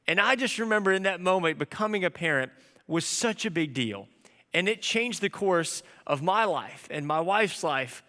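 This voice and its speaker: A man in his thirties, a pastor giving a sermon, telling a story in an animated, conversational way. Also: sits high, in a large hall.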